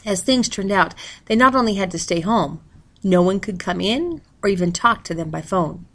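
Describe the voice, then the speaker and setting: A woman reading a novel aloud in a steady, plain narrating manner. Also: mid-range voice, normal speed. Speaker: reader.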